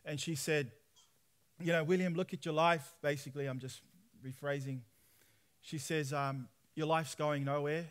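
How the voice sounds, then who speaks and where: A man, preaching a personal testimony sermon in lively storytelling style, acting out dialogue. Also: fairly high pitch, moderate pace, clean tone. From Australia. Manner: animated storytelling, acts out dialogue with laughs.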